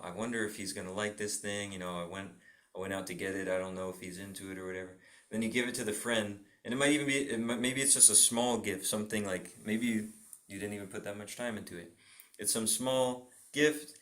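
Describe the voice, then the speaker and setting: Lowish-voiced man giving a chatty sermon. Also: a bit bright. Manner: chatty, laughs often, acts out little dialogues. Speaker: preacher giving a scripture class. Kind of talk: informal sermon.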